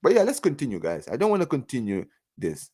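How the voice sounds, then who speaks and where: A man's voice: medium pitch, fast, husky. A man hosting a live football reaction stream, ranting in a sarcastic, repetitive way. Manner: animated, ranting and sarcastic, repeats words and says "bro". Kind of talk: live fan reaction chat.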